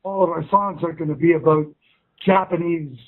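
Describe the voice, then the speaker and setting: Over a tinny phone line, a male musician guest chats in a casual interview. His voice sits on the high side with fairly even intonation at normal speed, and he rambles, restarts sentences and swears often.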